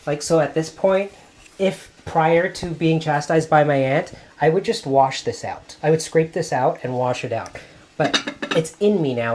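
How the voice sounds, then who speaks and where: A man hosting a cooking video in a home kitchen, gently narrating each step as he works. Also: on the high side. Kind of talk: cooking demonstration.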